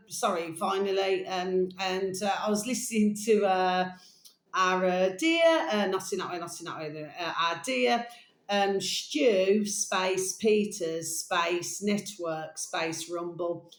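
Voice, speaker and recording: A woman vlogging in a rambling, casual monologue, full of fillers and slow dictation. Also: medium pitch. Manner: meandering, full of fillers, dictating text slowly; coos baby talk to her pet. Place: home room. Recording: echoey room.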